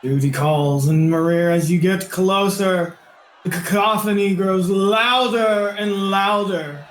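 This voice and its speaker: A man's voice: high-pitched, fairly even intonation, slow, roomy sound. A man narrating as game master of a tabletop game, with dramatic descriptive narration.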